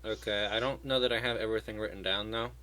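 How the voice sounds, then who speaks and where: A man with a fairly low but bright, edgy voice who speaks quietly and hesitantly. He sounds unsure and asks short questions as a program participant on a video call. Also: fairly even intonation, quick pace, low-quality recording. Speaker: job training program participant. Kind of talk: casual conversation on a video call.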